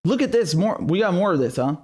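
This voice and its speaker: A man's voice: sits high, sing-song, fast, darkish tone. A male political commentator delivering a profane, sarcastic and exasperated solo rant.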